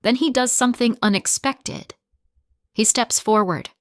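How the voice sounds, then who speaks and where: Female narrator for a learner story: clear, deliberate, very slow, dry. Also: fairly high pitch, dry recording. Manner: simple short sentences, clear and deliberate.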